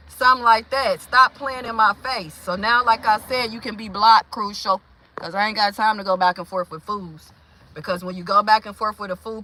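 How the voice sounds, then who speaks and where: Bright-voiced, blunt woman venting. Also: a little high, rough recording. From Milwaukee, Wisconsin. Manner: animated, blunt, confrontational. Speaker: vlogger. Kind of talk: venting monologue.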